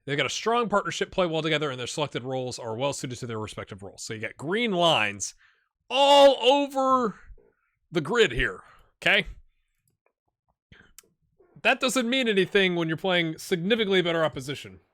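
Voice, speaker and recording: A man hosting a game channel, giving chatty, excitable live commentary while he plays and talking straight to his viewers. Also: a little high, brisk, no echo, studio quality. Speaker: gaming channel host.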